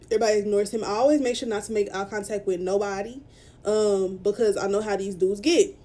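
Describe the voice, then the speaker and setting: A woman's voice: mid-range voice, fairly even intonation, a little fast, warm tone. A young woman from Dallas, upset and close to tears as she tells a story to her phone camera. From Dallas, Texas. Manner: upset, near tears, irritated. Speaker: vlogger telling a story.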